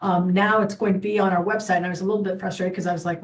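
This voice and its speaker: A woman's voice: fairly low pitch, fairly even intonation, fast talker. A woman on a city council gives her report in a chatty, rambling way, full of fillers and side remarks. She sits back from the microphone, so her voice carries a little distance. The council chamber around her sounds roomy.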